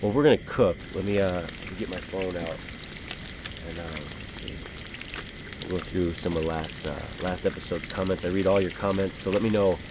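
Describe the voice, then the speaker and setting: Casting: low-pitched man, rambling easygoing gaming host, game noise audible underneath. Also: steady tone, a little fast, few pauses. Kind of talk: casual gameplay commentary.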